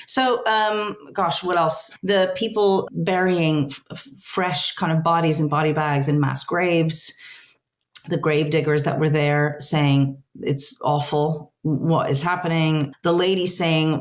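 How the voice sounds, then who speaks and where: A woman with a notably deep, low-pitched voice speaks as an interview guest. She answers in an earnest, reflective way, pausing and restarting as she searches for words. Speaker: translator guest.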